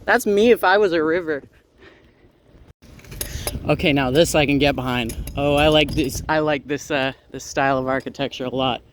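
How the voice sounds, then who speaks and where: Guy talking to his bike cam while riding around town, kinda higher voice, rambly and wry, faint traffic hum behind. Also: normal speed. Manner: rambling, wry asides, frequent "uh". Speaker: transit vlogger. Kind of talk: casual narration while cycling. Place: outdoors, on a bike through town streets.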